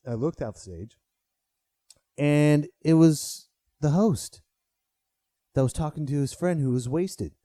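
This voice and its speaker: Animated, swearing male comedian host. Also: medium pitch, no echo, clean studio sound. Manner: animated, swearing, rises sharply when riled. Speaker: podcast host and stand-up comedian. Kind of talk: casual storytelling monologue.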